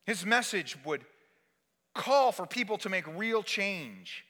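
High bright-voiced preacher in a reverberant hall. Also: male voice, very animated, unhurried. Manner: preaching with dramatic swings between loud and soft. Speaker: pastor. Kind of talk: sermon.

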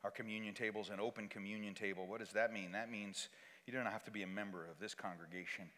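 A man preaching a solemn, deliberate sermon as pastor, reading scripture and leading communion in a church. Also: fairly low pitch, fairly even intonation, bright, forceful tone, long reverb tail. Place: church sanctuary.

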